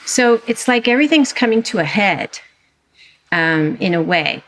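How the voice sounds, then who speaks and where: A woman, a historian and author, speaking as a guest in a conversational interview, animated and emphatic with frequent restarts. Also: mid-range voice, a little slow.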